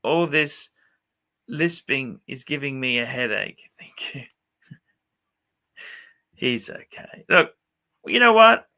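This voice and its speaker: A man hosts a laid-back livestream, cursing freely and firing up with enthusiasm. His voice is strikingly bright and cutting. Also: medium pitch, slow pace, pauses often. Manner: swears constantly, excitable. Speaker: livestream host. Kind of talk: casual livestream chat.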